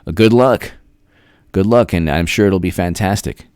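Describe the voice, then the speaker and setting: A man with a low voice hosts a casual live stream and rambles from one thought to the next. Now and then he stretches out viewers' names in a sing-song voice. The sound is dry and close, with no room in it. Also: normal speed, a little mellow, smooth, dry recording. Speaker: political commentary host. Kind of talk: casual livestream chat.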